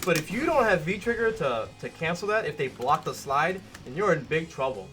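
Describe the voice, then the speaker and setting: A man's voice: a little high, sing-song, fairly quick, background noise. A man giving a casual gameplay tutorial as a fighting game coach, talking conversationally and correcting himself as he demonstrates.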